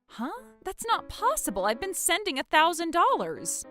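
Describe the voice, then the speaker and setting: A woman's voice: high-pitched, wildly swooping pitch, slow, hardly any pauses, a bit bright, faint music behind. A woman narrating a dramatic story and voicing all its characters herself. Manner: dramatic, shifts between characters. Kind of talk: acted story narration with many voices.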